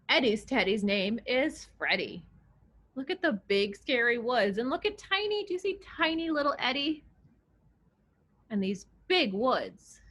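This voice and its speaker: A woman librarian reading picture books aloud to young children, expressive and coaxing, asking them questions. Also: on the high side. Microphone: video recording.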